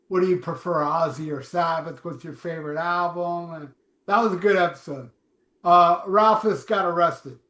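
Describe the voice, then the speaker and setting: A man's voice: sits high, fairly bright tone, echoey room. A man hosting a podcast, rambling and joking with crude, profane banter. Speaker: podcast host.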